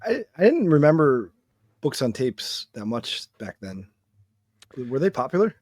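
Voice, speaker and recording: A man's voice: mid-range voice, big pitch swings, a little slow, a little mellow, no echo. A man co-hosting a horror movie podcast, chiming in with short dry quips and agreements. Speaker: podcast co-host. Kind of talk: casual movie-review chat.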